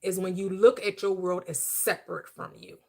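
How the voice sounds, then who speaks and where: A woman hosting a spiritual talk show, who explains her ideas in a calm, plain and affirming way. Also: on the low side, normal speed, vocal fry. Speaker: host.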